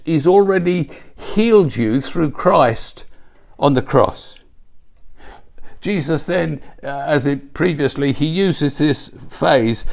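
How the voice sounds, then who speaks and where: Emphatic male preacher with a gravelly voice. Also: on the high side. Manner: emphatic, exhorting with repeated phrases. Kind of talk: sermon.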